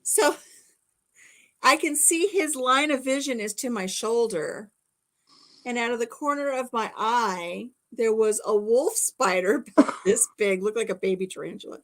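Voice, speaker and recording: Brief: middle-aged woman host, lively storyteller, acts out scares, laughs a lot. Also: a little high, measured pace. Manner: animated storyteller, acts out shrieks and whispers, laughs often. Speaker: channel host. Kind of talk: casual storytelling chat.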